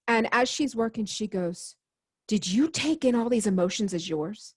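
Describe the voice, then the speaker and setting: Speaking briskly in a mid-range voice, the guest healer recounts a personal experience with real earnestness. It's conversational storytelling, and she voices the exchanges, quoting both herself and the other people involved.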